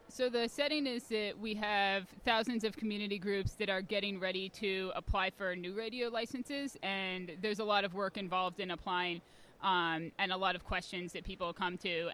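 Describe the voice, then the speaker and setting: A woman being interviewed at a conference, explaining things clearly with frequent ums. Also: mid-range voice, steady tone, normal speed, fairly bright tone. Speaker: guest, community radio organizer.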